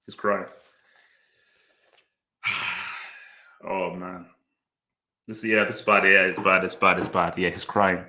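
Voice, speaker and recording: A man's voice: deep voice, little pitch movement, a little slow, pauses often, pushed and bright. A man hosting a football channel, giving live reaction commentary in a casual way, repeating short phrases and restarting his sentences. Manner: thinks aloud and restarts sentences.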